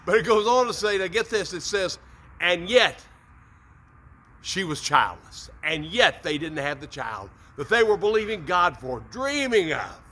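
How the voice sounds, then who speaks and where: A man's voice: high-pitched, big pitch swings, normal speed, few pauses, fairly bright tone. A man hosting a short morning devotional talk, upbeat and folksy, often repeating words as he goes. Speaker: preacher, motivational host.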